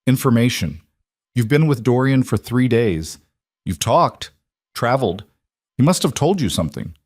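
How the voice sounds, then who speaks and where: A man playing a smooth, cold mob interrogator. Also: mid-range voice, moderate pace, no room sound, studio quality, close to an everyday voice. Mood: cold, calm. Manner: calm, smooth, menacing. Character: cold, calm male mob interrogator in a suit.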